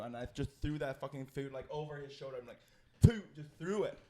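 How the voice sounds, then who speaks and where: A man's voice: a little high, a little fast. A young man from China, a comedian telling a story in casual, profane talk with many restarts. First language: Chinese. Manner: animated, profane, frequent restarts. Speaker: comedian guest.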